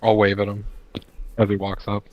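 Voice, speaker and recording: A man's voice: lowish voice, monotone, normal speed, lo-fi sound. Easygoing man playing a tabletop game. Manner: easygoing, thinks aloud with fillers. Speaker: player. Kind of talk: casual game chat.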